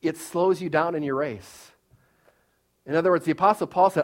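Guy preaching kinda casual, voice sits a bit high, repeats himself a lot, lots of "you know". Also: moderate pace. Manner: informal, repeats phrases, many fillers and restarts. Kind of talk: conversational sermon.

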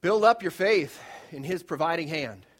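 A male pastor preaches to his congregation in a loose, conversational way. He pushes hard on key points, then drops to a hushed tone to tell a story. His voice sits a little high for a man. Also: animated, normal speed. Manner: conversational, emphatic preaching with swings from loud to hushed. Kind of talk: sermon.

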